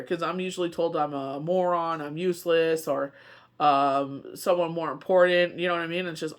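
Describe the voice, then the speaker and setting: Chatty woman reading tarot. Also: deep voice. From Canada. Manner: rambling, chatty, full of asides and fillers. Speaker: tarot card reader. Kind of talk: casual spoken tarot reading.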